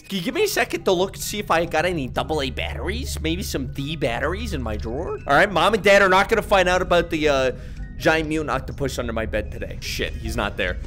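A young man giving loud, profane, comedic commentary while playing a horror game, yelping and laughing at scares. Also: on the high side, very animated, fast, soft background music. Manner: profane, jumpy, yelps and laughs often. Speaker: gaming YouTuber.

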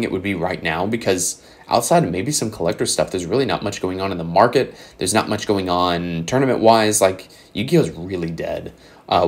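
A young man with a low voice hosts his own channel, offering blunt, sarcastic takes on card prices in a casual style. He sounds a little hoarse and mentions that he's losing his voice.

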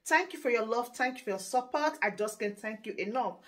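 A woman opens her reaction channel with a scripted greeting. Her voice sits a little high, and she speaks in an effusive, grateful way as she thanks her viewers. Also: animated, brisk, fairly bright tone.

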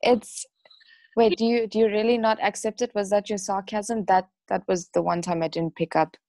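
A woman with an accent, taking part in a Bible study, reads scripture aloud softly and a little hesitantly. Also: medium pitch, fairly even intonation, normal speed, no echo, poor audio. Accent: non-local accent. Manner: soft and a little hesitant, with small "um"s.

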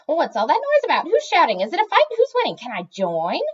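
A woman reading aloud plays an eager young tomcat from a storybook who fires off questions in a high, shrill, bouncing voice. He is boastful and wants in on every fight. The recording sounds slightly dull. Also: wildly swooping pitch, quick pace. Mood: excited.

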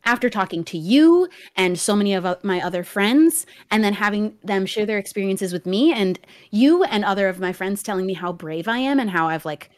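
Earnest young woman, soft and firm. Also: mid-range voice, animated, fairly quick, few pauses. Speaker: guest streamer. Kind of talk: casual chat.

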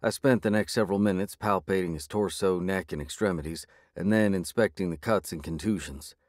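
A man reading a first-person audiobook in a measured, gritty way. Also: sits low, a little mellow, no echo, clean studio sound. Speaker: audiobook narrator.

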